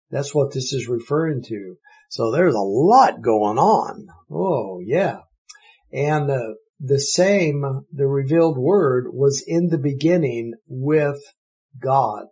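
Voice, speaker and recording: A man's voice: medium pitch, a little mellow, poor audio. A man teaching the Bible verse by verse, explaining Greek words with eager enthusiasm.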